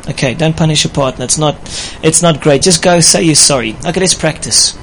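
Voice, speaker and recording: A man's voice: on the high side, a little fast, a bit bright, slight background noise, low-quality recording. A man preaching about marriage in a light, playful way, often laughing with his audience. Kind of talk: sermon on marriage.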